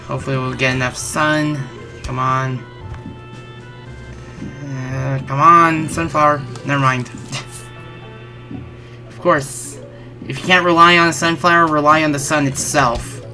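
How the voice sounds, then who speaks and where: A woman's voice: deep voice, fairly even intonation, normal speed, pauses often, music in the background. A woman with a stuffy, slightly congested voice giving rambling, self-correcting let's-play commentary on a game as a channel host.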